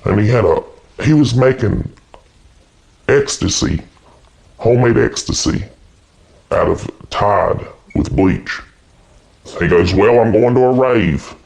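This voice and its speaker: A man's voice: lowish voice, animated, takes it slowly, pauses often, darkish tone, heavily acted, rough recording. An actor playing an awkward, earnest adult man who stammers through a mock interview as someone's twin brother. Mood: rambling. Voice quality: creaky. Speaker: interview guest.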